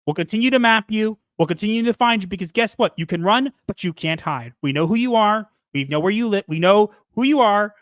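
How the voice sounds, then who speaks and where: A man co-hosting a podcast in casual chat, animated and playful, sometimes ranting. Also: high voice, brisk, hardly any pauses, no echo, clean studio sound. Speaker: podcast co-host.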